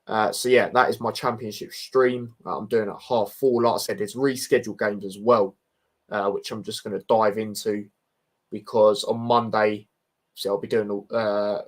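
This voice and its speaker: A man's voice: fairly low pitch, fairly even intonation, normal speed. A young man hosting a football livestream indoors at home, chatting casually with viewers in a laid-back, bantering way with lots of fillers. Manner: laid-back, banter-heavy, frequent fillers like mate and bro. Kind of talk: casual livestream chat reading viewer comments.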